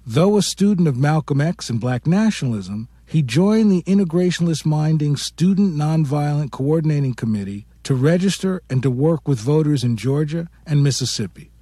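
A man giving a measured, formal scripted introduction to an oral history segment. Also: fairly high pitch, lively intonation, dark tone, dry recording. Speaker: museum director hosting. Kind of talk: scripted narration.

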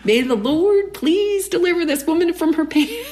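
A woman's voice: very high voice, expressive, moderate pace, darkish tone, voice pushed up. A woman doing an earnest Southern country preacher. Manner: earnest, solemn praying. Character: kindly rural Southern preacher man.

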